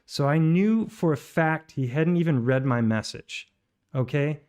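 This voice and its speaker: A man's voice: fairly high pitch, expressive, measured pace, darkish tone, clean tone. A man hosting his own channel, talking through a dispute with plenty of fillers and false starts. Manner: rambling, many fillers and restarts. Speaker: channel host. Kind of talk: commentary on played voice messages.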